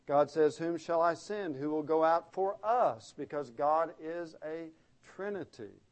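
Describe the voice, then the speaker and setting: Man, preacher, sermon, earnest and emphatic, fairly high voice. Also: darkish tone. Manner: earnest, emphatic teaching with repeated words. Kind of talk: expository sermon.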